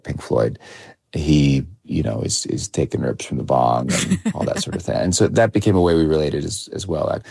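Very deep gravelly man, dry sound. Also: a little mellow, no room sound. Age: 30s. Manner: measured, with many restarts and hedging fillers. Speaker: documentary filmmaker, interview guest. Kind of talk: reflective interview answers.

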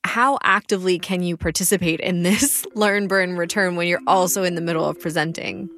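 A woman's voice: lowish voice, steady tone, a little fast, a bit bright, no room sound. A woman hosting a podcast, chatting with a guest and reading out takeaway recaps. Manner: conversational, scripted recaps. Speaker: podcast host.

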